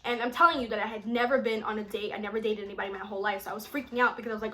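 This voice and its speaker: Chatty, bright-voiced young woman storyteller. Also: mid-range voice, very fast. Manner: animated, chatty, lots of filler "like". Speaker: vlogger. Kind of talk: storytime vlog.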